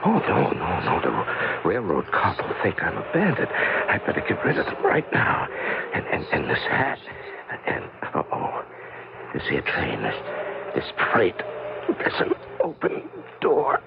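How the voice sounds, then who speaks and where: An actor playing a meek, confused drunk hobo in a 1970s radio drama, stammering and repeating words. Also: male voice, low voice, wildly swooping pitch, unhurried, vocal fry, background noise, exaggerated voice. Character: bewildered drunk hobo man, meek and rambling. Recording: phone-like old radio recording with music.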